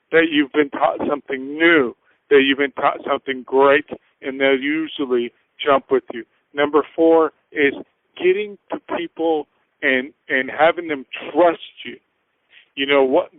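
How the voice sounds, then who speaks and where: A man with a fairly high voice gives earnest, casual business advice as a radio guest. His voice comes through thin and boxy like a phone line, with no room echo. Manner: earnest, acts out little scenes in voices. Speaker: finance guest. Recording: tinny phone-like dry sound.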